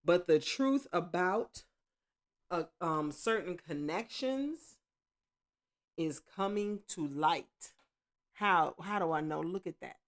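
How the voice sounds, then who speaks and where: A woman giving a casual tarot reading at home, rambling and correcting herself, with excited exclamations. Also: on the low side, slow pace. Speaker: tarot reader.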